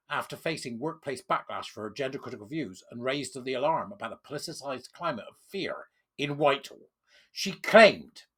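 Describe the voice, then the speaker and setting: A man's voice: fairly high pitch, husky. A man hosting a commentary show, reading news aloud and breaking off into sarcastic rants. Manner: animated and sarcastic, reads news aloud and interrupts it. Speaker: commentary host.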